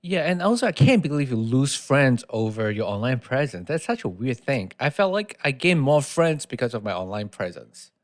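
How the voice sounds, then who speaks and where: A man co-hosting a podcast, talking quickly and nervously with stumbles and restarts. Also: medium pitch, big pitch swings. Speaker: podcast co-host. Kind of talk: casual podcast chat.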